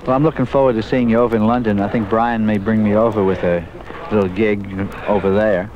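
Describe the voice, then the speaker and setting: A man's voice: on the low side, steady tone, noisy background. Jive-talking radio DJ man, muffled. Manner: quick, jokey, jive-talking. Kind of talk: casual on-air chat.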